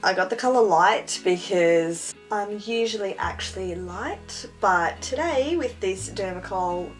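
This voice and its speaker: A woman's voice: medium pitch, expressive, a little slow, soft background music. A young woman chatting casually and self-mockingly through a makeup tutorial. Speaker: beauty vlogger.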